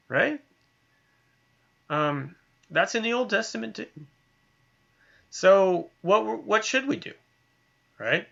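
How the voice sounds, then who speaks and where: Guy giving a bible lesson, bright fairly high voice, chatty, dull lo-fi sound. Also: lively intonation, slow pace, gravelly, long pauses. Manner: conversational, many tag questions and fillers. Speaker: Bible teacher. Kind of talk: recorded online lesson.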